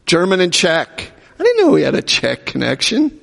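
A man's voice: sits high, wildly swooping pitch, normal speed, creaky, fairly bright tone. A man preaching a sermon, repeating aloud each answer called out by the congregation. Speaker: pastor. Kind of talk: sermon with audience call-and-response. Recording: echoey hall reverb.

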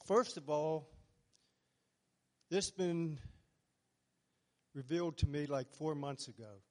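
A man's voice: on the high side, takes it slowly, darkish tone. A man from the congregation sharing a personal testimony, nervous and hesitant. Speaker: congregation member giving testimony.

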